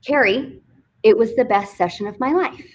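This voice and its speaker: Texas woman, bit high voice, chatty and candid, pokes fun at herself on a live stream. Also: moderate pace, darkish tone. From Fort Worth, Texas. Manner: chatty, candid, self-deprecating storyteller. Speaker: author and business coach guest. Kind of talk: casual storytelling interview. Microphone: live online video stream.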